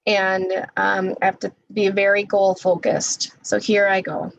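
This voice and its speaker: Woman speech therapist, encouraging, deliberate, slightly scratchy voice, dry close sound. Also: medium pitch, monotone, gravelly, no room sound, highs cut off. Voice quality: says she naturally has a quiet voice. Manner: deliberate, encouraging, demonstrates loud vocal drills. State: voice getting a little scratchy. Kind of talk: webinar instruction with voice exercises.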